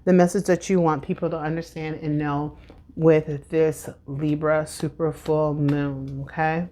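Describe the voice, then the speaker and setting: A woman's voice: low-pitched, level tone, unhurried, dark tone, a little hiss or hum. A woman tarot reader talking casually and encouragingly to camera at home, with lots of fillers. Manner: chatty and encouraging, many fillers. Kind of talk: casual spiritual tarot vlog. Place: at home with incense burning.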